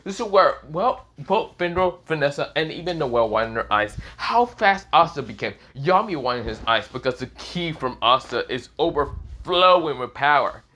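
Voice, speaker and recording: A young man spins an improvised fan story in a loose, rambling way, peppered with fillers and casual swearing. His voice sits a little high for a man. It rises and falls a lot. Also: lively intonation, moderate pace, pushed and bright.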